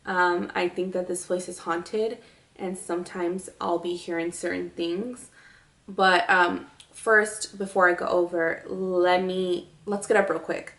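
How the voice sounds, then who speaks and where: A woman voicing her boss, a calm, reassuring woman who speaks softly. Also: fairly low pitch, unhurried, recorded from a distance. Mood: soothing.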